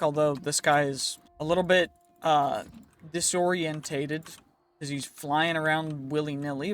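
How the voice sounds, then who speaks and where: A young man chatting playfully and rambling as he narrates his modded game, dropping goofy phrases now and then. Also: fairly high pitch. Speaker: gaming video creator. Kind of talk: casual Minecraft let's-play commentary.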